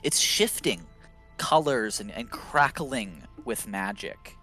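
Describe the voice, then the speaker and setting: A man running a tabletop game as game master, narrating slowly with many fillers and pauses. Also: fairly low pitch, expressive, pushed and bright, faint music behind. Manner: slow, halting narration with fillers.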